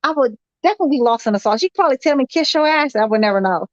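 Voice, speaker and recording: A woman co-hosting a casual chat show, loud and giggly, swearing freely. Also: sits high, lively intonation, very fast, dry recording, lo-fi sound. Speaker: podcast co-host.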